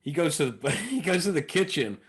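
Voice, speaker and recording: Animated London man telling stories. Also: a little high, fairly quick, slightly rough. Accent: English, London. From England. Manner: animated, rambling storyteller. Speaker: guest comedian and impressionist. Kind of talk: podcast conversation.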